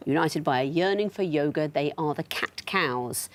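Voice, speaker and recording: Brief: woman quizmaster, lowish voice, dry and teasing, TV studio. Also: normal speed. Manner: dry, witty, lightly teasing. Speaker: quiz show host. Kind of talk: hosting a TV quiz.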